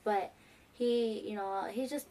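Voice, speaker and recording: A teenage girl excitedly telling a rambling fan story, full of fillers. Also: fairly high pitch, takes it slowly. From New York. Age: teens. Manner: gushing, rambling, many fillers. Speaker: fan vlogger.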